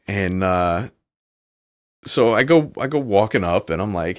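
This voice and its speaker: A man's voice: low-pitched, slow, pauses often. A man hosting a podcast and telling a long story casually, rambling and filling his talk with "like". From New York. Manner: rambling, heavy use of "like". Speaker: podcast host.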